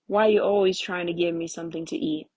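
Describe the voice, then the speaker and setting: A woman's voice: fairly low pitch, steady tone, fast, a little mellow, slightly rough, no room sound. A woman voicing a bitter, fed-up husband. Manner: angry, sneering, raised voice. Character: bitter, restless young husband, grown man.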